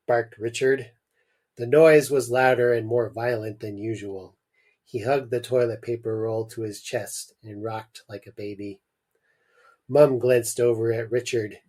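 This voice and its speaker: A man hosting a podcast, reading a short story aloud with expressive delivery and jokey asides. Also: medium pitch, takes it slowly.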